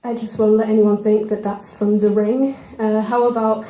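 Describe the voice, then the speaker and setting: A young woman at an open mic performing a spoken word poem, with a self-deprecating, quick rhyming delivery and nervous asides. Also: medium pitch, flat delivery, dark tone. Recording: roomy live venue recording.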